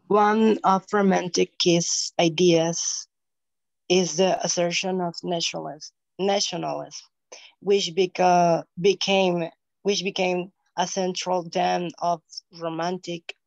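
A woman student reading a text aloud in class, halting and stumbling over words. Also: fairly low pitch, level tone, gravelly, no room sound, muffled recording.

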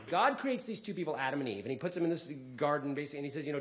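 A man's voice: fairly high pitch, very fast, few pauses. A man doing a stand-up comedy set, telling a story with energy and slipping into voices for the people in it. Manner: animated storytelling, acting out voices. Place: lecture hall with a live audience.

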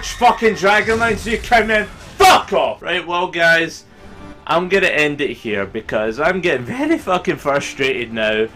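A young man giving profane, excitable let's play commentary, yelling at his teammates. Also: fairly high pitch. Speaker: gaming video host.

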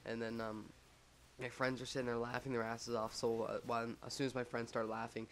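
A guy tells a story in a loose, rambling way, full of "like" and "um," and he jokes at his own expense. His voice sits at a middling pitch and stays flat and level, and a faint hiss of noise runs under it. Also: a little fast. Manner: rambling, filler-heavy, lots of "like"; joking, self-mocking. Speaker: vlogger telling a story. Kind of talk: casual storytime over gameplay.

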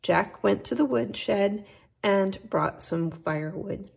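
A woman reads a children's picture book aloud at a slow, gentle pace. Her voice has a strong gravelly fry and a husky, breathy grain. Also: mid-range voice. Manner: gentle, unhurried storytelling. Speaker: storytime host.

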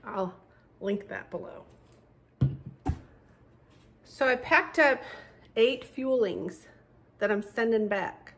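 A woman's voice: fairly high pitch, takes it slowly, long pauses, fairly bright tone, a little hiss or hum. Chatty woman vlogging from a car. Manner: chatty, with fillers and self-corrections. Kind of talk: casual diet vlog. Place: parked car.

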